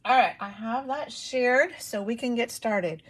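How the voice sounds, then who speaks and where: A woman's voice: fairly high pitch, a little slow. A woman hosting a casual live-stream papercraft demo, chatty and rambling with lots of ums, still getting over a cold with a cough. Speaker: papercraft demonstrator.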